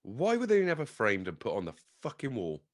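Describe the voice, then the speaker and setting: A man hosting a podcast, chatting casually with blunt, sweary banter and animated storytelling. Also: medium pitch, a little fast, no echo, clean studio sound. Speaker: podcast host. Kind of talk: casual chat.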